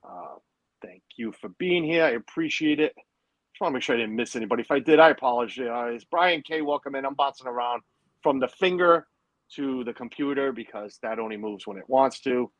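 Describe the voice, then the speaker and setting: A man's voice: mid-range voice, a little fast, fairly bright tone, no room sound, low-quality recording. A man hosting a casual livestream from home, chatting and rambling with lots of fillers. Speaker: livestream host. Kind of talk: casual chat.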